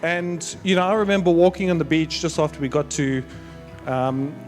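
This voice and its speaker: Father of the bride, middle-aged, a bit high, sentimental storyteller, stumbling warmly through his speech. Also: faint music behind. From South Africa. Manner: sentimental, storytelling with halting restarts. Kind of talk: wedding speech. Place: wedding reception.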